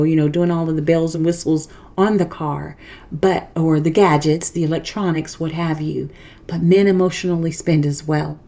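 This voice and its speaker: A podcast host with a deep, mellow voice leads an inspirational faith show. She speaks earnestly and emphatically right to her listeners, encouraging them and repeating and rephrasing her points.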